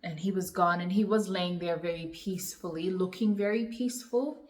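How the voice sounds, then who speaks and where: Woman sharing a personal grief story. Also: on the low side. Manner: reflective, emotional storytelling with many pauses. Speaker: vlogger. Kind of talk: personal Q&A vlog.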